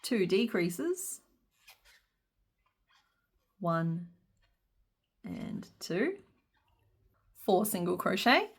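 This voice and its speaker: A woman's voice: mid-range voice, very animated, very slow, long pauses, husky. A woman teaching a crochet pattern step by step, counting stitches aloud and breaking into giggles. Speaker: crochet instructor. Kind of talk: step-by-step craft tutorial.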